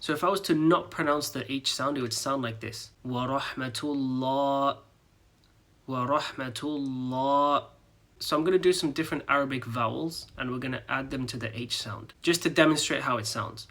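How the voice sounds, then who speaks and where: A man teaching greeting pronunciation, patiently drilling each word slowly syllable by syllable. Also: medium pitch, a bit bright. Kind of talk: slow step-by-step pronunciation lesson.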